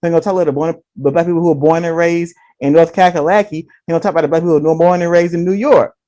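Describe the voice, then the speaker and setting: This is a man with a notably high-pitched voice, co-hosting a casual podcast discussion. He speaks in a measured, explanatory way, laying out his points one after another. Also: fairly even intonation, mellow.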